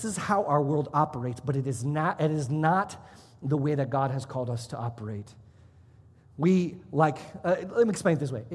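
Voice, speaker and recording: Pastor guy preaching, husky voice, punches words up and down, big reverby church hall. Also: on the high side. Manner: emphatic, rising and dropping for emphasis. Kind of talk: sermon. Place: church sanctuary.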